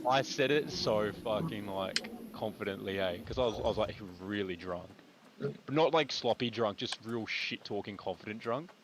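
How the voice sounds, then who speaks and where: A young Australian man, chatting casually as he plays on stream, works through a lengthy, slangy, expletive-heavy story. His voice is on the low side at a moderate pace, against a noisy background.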